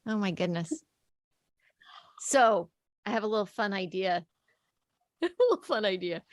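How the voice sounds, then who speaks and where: A woman's voice: medium pitch, measured pace, no room sound. Host lady, slight texas accent, eager and chatty, dry close sound. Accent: light Texan. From El Paso, Texas. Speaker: podcast host. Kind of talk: casual interview.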